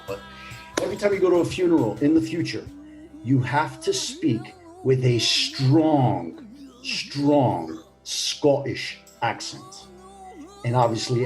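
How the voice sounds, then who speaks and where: A man's voice: medium pitch, darkish tone. A man co-hosting a casual podcast, talking in a playful, teasing way with lots of fillers. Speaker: podcast co-host.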